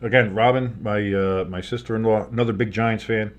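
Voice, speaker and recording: A man's voice: on the low side, steady tone, brisk, highs cut off. A man hosting a live sports stream, calling plays and rambling into joking asides. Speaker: sports streamer and play-by-play host. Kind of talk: live play-by-play with casual chat.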